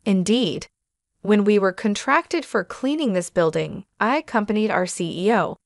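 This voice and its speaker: A woman reading a first-person story aloud in scripted narration, steady and measured. Her voice is mid-pitched and recorded dry and close. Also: dry recording.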